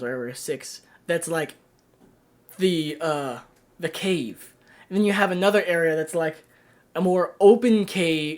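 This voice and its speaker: Chatty game reviewer venting casually. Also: medium pitch. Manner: chatty and venting, frequent fillers and restarts.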